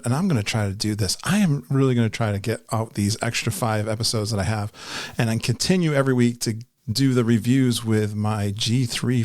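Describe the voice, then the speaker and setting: A man's voice: mid-range voice, no room sound, studio quality. A man hosting a podcast, chatting in an upbeat way and laughing often. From Connecticut, USA. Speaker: podcast host. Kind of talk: casual podcast chat.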